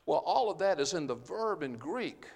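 A man preaching a Bible-teaching sermon, earnest and explanatory, often pausing on "uh" as he works through the passage. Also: fairly high pitch, big pitch swings, darkish tone. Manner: earnest, explanatory, with frequent "uh" fillers. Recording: long reverb of a large hall.

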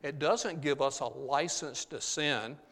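A man's voice: medium pitch, unhurried, fairly bright tone, in a large hall. A male pastor delivering an earnest sermon, often tagging phrases with "uh, there". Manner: earnest preaching with frequent "uh, there" tags.

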